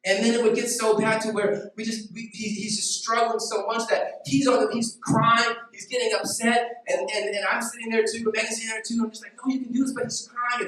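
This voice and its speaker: A man's voice: very high-pitched, level tone, a little fast, hardly any pauses, fairly bright tone. A man in his thirties, a pastor giving a casual, story-driven sermon full of "like". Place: church hall. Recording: echoey hall, mic at a distance, faint music.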